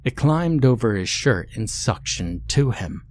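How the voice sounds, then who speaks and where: A man narrating a scary story in a slow, deliberate, ominous scripted reading. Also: mid-range voice, very animated, slight background noise.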